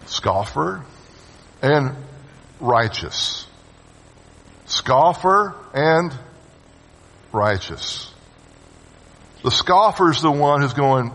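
A man's voice: animated, drawn-out words, pauses often. Preaching man in a reverberant church. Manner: dramatic swings between loud urging and hushed low phrases; calls on the congregation to respond. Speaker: pastor. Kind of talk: sermon. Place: church sanctuary with long reverb. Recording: reverberant church hall sound.

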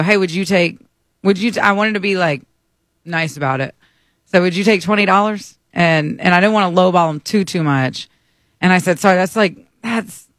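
A man's voice: high voice, fairly bright tone, no room sound, studio quality. An American man hosting a morning show, telling a story in a chatty, self-mocking way and acting out both sides of it. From United States.

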